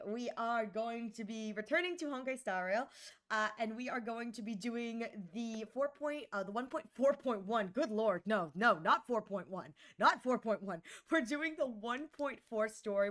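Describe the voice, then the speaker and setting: A woman streaming live, chatting casually with her viewers in a bubbly, giggly, animated way. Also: fairly high pitch.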